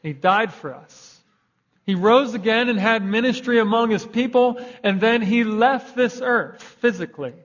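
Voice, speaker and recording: A man's voice: very high voice, unhurried, fairly bright tone. A young man preaching a sermon in a conversational way, raising his voice for emphasis. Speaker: pastor. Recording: dull lo-fi recording.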